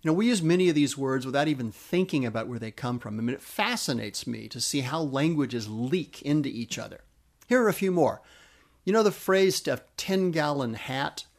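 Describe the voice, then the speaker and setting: Gravelly man explaining words with enthusiasm. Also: mid-range voice, expressive, normal speed. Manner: enthusiastic, spells out words letter by letter. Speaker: podcast host. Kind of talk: explanatory podcast talk.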